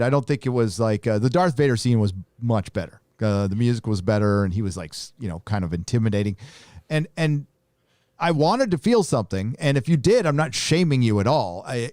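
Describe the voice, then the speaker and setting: A middle-aged man hosts a live video chat, talking loosely and circling back on himself as he reads viewer messages. His voice sits at an ordinary pitch. It comes across dry and close, with no room sound. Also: a little mellow, dry recording. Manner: loose and rambling, with frequent restarts. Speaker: host reading super chats. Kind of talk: casual live-stream chat.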